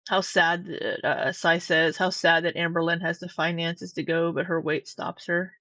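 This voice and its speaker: A woman's voice: on the low side, level tone, normal speed, fairly bright tone, no room sound. A woman hosting casual commentary, chatty and gushing with rambling asides. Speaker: commentary host.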